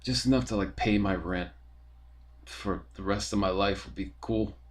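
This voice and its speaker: A man's voice: fairly low pitch, normal speed. A young man, talking in a rambling, profane, casual monologue full of fillers as a podcast host.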